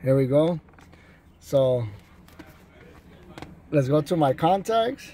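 A man's voice: a little high, expressive, slow pace, warm tone, a little hiss or hum. A man filming a casual vlog on his phone from his truck and an alley, laughing often and teasing as he talks to his viewers. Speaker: vlogger. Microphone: phone camera.

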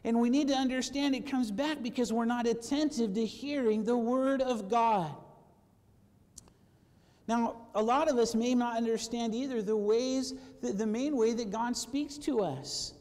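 High-voiced man preaching in an echoey church. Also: unhurried. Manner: animated, acts out quoted voices, asks for amens. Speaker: pastor. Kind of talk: sermon. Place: church sanctuary.

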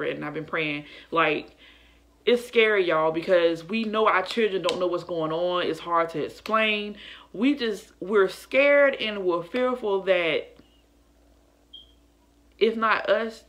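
A woman's voice: lowish voice, bright, forceful tone. A young woman telling viewers about a dream in a casual, earnest and emotional way, calling them y'all. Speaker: faith vlogger. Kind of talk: casual testimony to camera.

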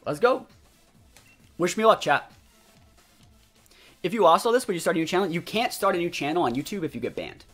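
Young man, gaming commentary, breathy voice, slightly high, excitable, faint music behind. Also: a little fast, long pauses. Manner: excitable, talks to chat, sudden loud outbursts. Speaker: gaming streamer. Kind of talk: live commentary over gameplay.

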